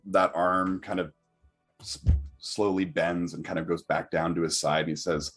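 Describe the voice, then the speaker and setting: Low, husky game master narrating. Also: male voice, little pitch movement, unhurried, a bit bright, faint music behind. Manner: stammering restarts, many fillers.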